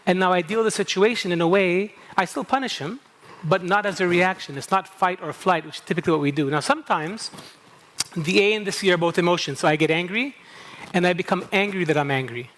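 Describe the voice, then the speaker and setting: A man's voice: high voice, fast talker, fairly bright tone, a little hiss or hum. A middle-aged man from Kuwait with an American accent, giving a conference talk as a psychologist and moderator, telling stories and checking in with "okay?". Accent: American, picked up at a New England summer camp. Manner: anecdotal, repeats "okay?" and acts out inner dialogue. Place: conference stage.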